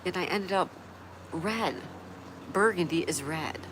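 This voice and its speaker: A lower-pitched woman hosts a relaxed livestream, reading out viewer comments one after another and answering them in a chatty, laughing way. Steady background noise sits under her voice. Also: a little slow. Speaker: livestream host reading chat. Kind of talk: casual livestream chat.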